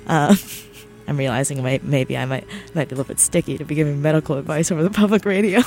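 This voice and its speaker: Speaking quickly in a low voice, a young woman from New Jersey rambles through a self-deprecating story while hosting her radio show. Soft music plays faintly underneath.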